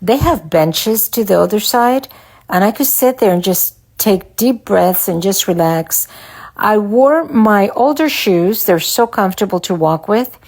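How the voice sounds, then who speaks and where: A woman giving calm, unhurried vlog commentary. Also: medium pitch. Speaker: vlogger.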